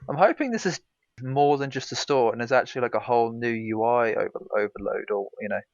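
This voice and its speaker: A man's voice: mid-range voice, fairly quick, dry recording. A man co-hosting a gaming podcast, talking in a laid-back, rambling way. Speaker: podcast co-host. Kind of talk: casual chat. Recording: dry, dull lo-fi mic.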